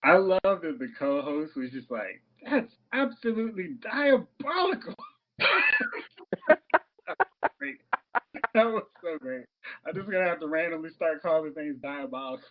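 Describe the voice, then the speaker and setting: A man's voice: on the high side, a little fast. A man hosting a movie podcast, calling on co-hosts and laughing easily in casual chat. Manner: leads segments, laughs easily. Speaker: podcast host. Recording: slightly muffled audio.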